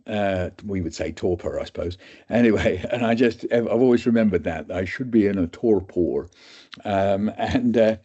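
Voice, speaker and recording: A man's voice: fairly low pitch, dark tone. A man in his seventies, guest speaker at a webinar, telling a humorous story in a chatty, self-deprecating way. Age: 70s. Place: webinar recording. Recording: dull lo-fi audio.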